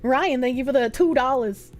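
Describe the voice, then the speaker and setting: A woman streamer in casual chat, reading out donations with giggly laughs, loud outbursts and swearing. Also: sits high, normal speed. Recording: faint music behind voice.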